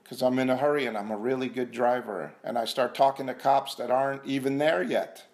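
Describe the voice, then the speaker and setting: A man's voice: medium pitch, steady tone, a little fast, background noise. Earnest man sharing at a recovery meeting. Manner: earnest, repetitive, self-mocking, drops to a hushed voice for prayer. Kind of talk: personal testimony talk. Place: meeting room.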